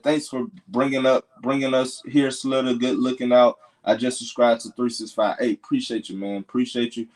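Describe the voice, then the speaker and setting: A man's voice: mid-range voice, darkish tone, poor audio. A young man hosting a casual livestream, reading out viewer comments and encouraging them in a loose, filler-heavy way. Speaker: livestream host.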